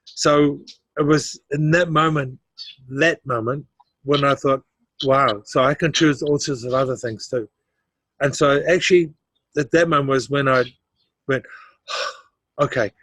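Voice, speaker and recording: A man's voice: mid-range voice, fairly even intonation, measured pace, pauses often, fairly bright tone, dry recording. A middle-aged man, a guest in a casual interview, telling his life story with animation, acting out the voices of others and laughing often.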